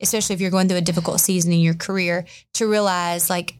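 A woman's voice: fairly low pitch, fairly even intonation, fast. A woman co-hosting a podcast, chatting casually with many fillers and a self-deprecating tone. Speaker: podcast co-host.

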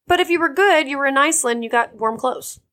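A young woman co-hosts a podcast, talking fast in a high, fairly bright voice. Her casual chat is animated, full of free swearing and frequent laughter.

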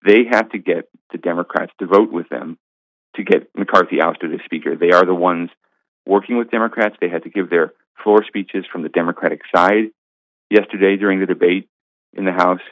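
Man, very low voice, emphatic political commentary, dry sound, phone-line quality. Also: fairly even intonation, normal speed, no room sound. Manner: emphatic, argumentative. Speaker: guest commentator, senior editor.

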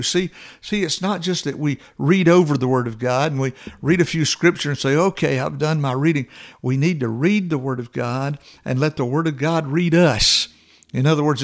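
A man preaching a sermon, earnest and exhorting, building to emphatic repeated phrases. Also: on the high side.

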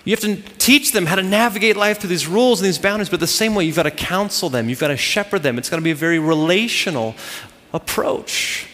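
High-voiced preacher with hall reverb. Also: male voice, quick pace, bright, forceful tone. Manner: emphatic, repetitive preaching cadence. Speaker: pastor. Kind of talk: sermon.

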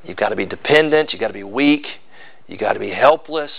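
A man's voice: on the low side, lively intonation, fairly quick, vocal fry, dull audio. A male pastor, preaching a sermon with emphatic, building repetition.

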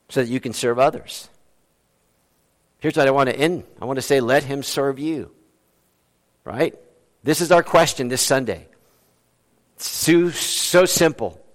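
A male pastor preaching a Sunday sermon, pressing repeated rhetorical questions and dropping to a hushed, low voice as he closes. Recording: reverberant hall.

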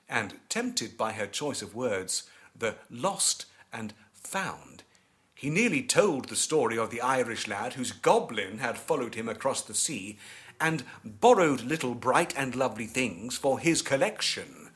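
A man narrating an eerie story as an audiobook, with measured and expressive storytelling. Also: mid-range voice.

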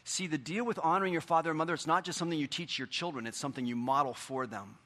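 A man's voice: fairly high pitch, racing. Earnest middle-aged male pastor preaching. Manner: earnest, conversational, drops to quiet asides. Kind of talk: sermon.

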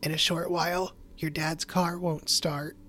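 A man putting on a squeaky, whispery fairy. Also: animated, vocal fry, heavily acted. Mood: hushed. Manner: whispering secrets, slow and hushed. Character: tiny mischievous fairy, secretive, buzzing.

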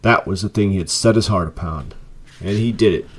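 A man reading a classic story aloud with measured, expressive storytelling. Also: low-pitched, slight background noise. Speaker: narrator.

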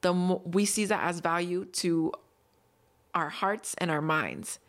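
Earnest woman podcast host, lowish voice. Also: slow. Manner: earnest storytelling, upbeat and conversational. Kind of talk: solo podcast monologue.

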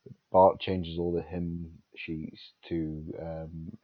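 A man's voice: sits low, level tone, slow, no echo, dull audio. A British man co-hosting a podcast in casual chat, rambling through sweary anecdotes with many restarts, and sounding tired. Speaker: podcast co-host.

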